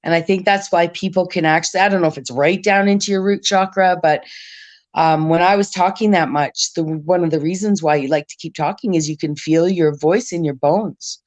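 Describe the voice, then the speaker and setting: Rambling raspy-voiced woman, lowish pitch. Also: fairly even intonation, a little fast, darkish tone. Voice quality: raspy smoker's voice. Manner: rambling, talkative, many restarts. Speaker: stream host. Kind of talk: casual panel chat. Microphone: remote stream call.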